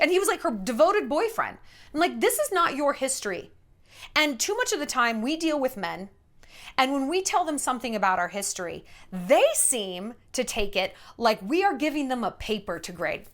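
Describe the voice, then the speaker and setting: A woman's voice: on the high side, fairly quick. Sassy, blunt woman giving dating advice. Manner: blunt, sassy, animated storytelling. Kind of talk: casual advice monologue.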